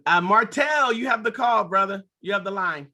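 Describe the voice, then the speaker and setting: A man with a bright, forceful voice, pitched a little high, hosts a video call. He talks with enthusiasm, thanking his guest and calling people up one after another. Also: lively intonation, normal speed. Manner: enthusiastic, warm-hearted praise, calls on speakers. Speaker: host. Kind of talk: energetic call hosting.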